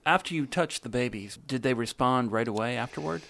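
A man interviewing a guest, asking calm, measured questions. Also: medium pitch, gravelly.

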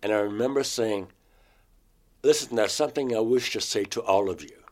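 A man recounting a personal experience in an interview, in a halting, emotional way. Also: on the low side, darkish tone.

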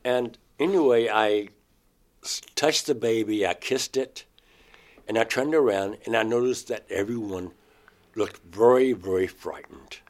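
Low-voiced man earnestly recounting an experience. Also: a little slow. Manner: earnest storytelling, acting out his own past cries and pleas. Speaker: interview guest. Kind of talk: first-person account of an abduction experience.

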